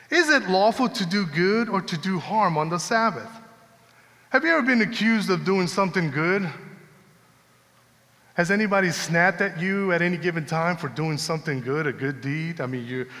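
A man preaching a sermon, telling a personal story in a conversational, animated way. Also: on the high side. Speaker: pastor. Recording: long hall reverb.

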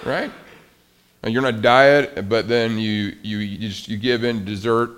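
A man preaching a sermon in a conversational, animated way, swinging between soft and loud. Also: mid-range voice, fairly quick, smooth. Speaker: pastor.

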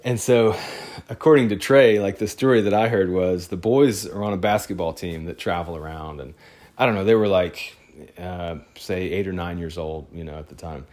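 A man, a photographer, telling a personal story in a casual, rambling, excitable way. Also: low-pitched, moderate pace.

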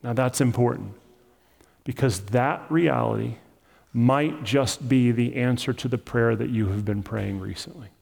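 A man's voice: medium pitch, measured pace, vocal fry, darkish tone, in a large hall. A man preaching a sermon as pastor, in a conversational, emphatic style that acts out the story.

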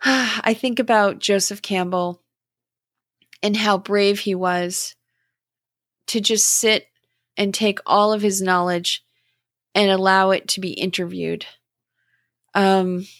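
Woman, middle-aged, podcast host, reflective spiritual talk, very slow, gentle, dry recording. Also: medium pitch, steady tone, no room sound.

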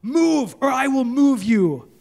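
A man doing a furious shouting bully. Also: extremely high pitch, sing-song, very fast, gravelly, heavily acted. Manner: shouted, curt threats. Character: furious hulking man yelling threats in a garage.

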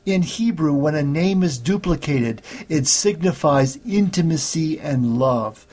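A man preaching a sermon, teaching slowly and steadily through Bible passages. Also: a little high, expressive, darkish tone. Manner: slow, measured Bible teaching with scripture readings.

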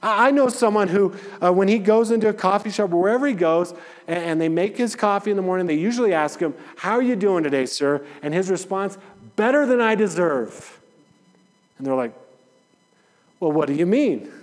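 A man's voice: high voice, brisk. A man preaching a sermon in a conversational, storytelling way, acting out the people in his anecdotes. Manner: conversational storytelling, acts out dialogue. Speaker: pastor. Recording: long hall reverb.

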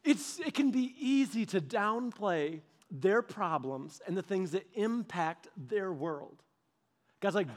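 A man's voice: sits high, slow pace. A man preaching a sermon in a conversational way, acting out little dialogues. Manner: animated, acts out little dialogues; conversational, with casual fillers. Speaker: pastor.

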